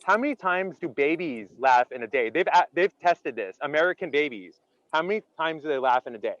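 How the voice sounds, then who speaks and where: A man's voice: fairly high pitch, expressive, fairly quick, fairly bright tone, no room sound, lo-fi sound. A man leading an interactive online laughter workshop. He talks with energy, keeps asking the audience questions and fills his speech with "like". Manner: chatty, many "like" fillers.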